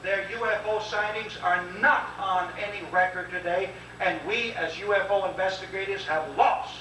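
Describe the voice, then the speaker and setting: A man's voice: high voice, steady tone, moderate pace, sharp tone, a little hiss or hum. A man giving an impassioned public lecture, emphatic and preacher-like, urging listeners to answer aloud. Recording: old echoey VHS tape from far off.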